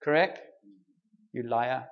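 A man's voice: mid-range voice, slow pace, muffled recording. A man preaching a sermon in a conversational, humorous way, with playful asides to the congregation.

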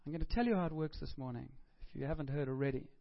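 A middle-aged man with a high voice preaches a sermon in a relaxed, chatty manner, slipping in jokes. The recording sounds dull and lo-fi. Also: racing, vocal fry. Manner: chatty, joking, conversational preaching. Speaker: pastor.

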